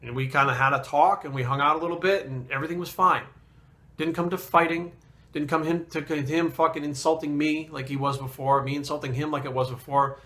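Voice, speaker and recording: A man, a fitness trainer, telling a story in a casual vlog, blunt and animated and swearing constantly. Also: a little high, a little fast.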